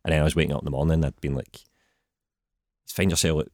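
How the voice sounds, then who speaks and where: A young man with a strong Glaswegian accent chats casually as a podcast guest. His voice sits very low, and he rattles through his anecdotes at a quick, easy clip over a dry, close sound. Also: flat delivery, dry recording. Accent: Scottish, Glaswegian. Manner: laid-back, chatty storytelling. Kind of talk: casual chat.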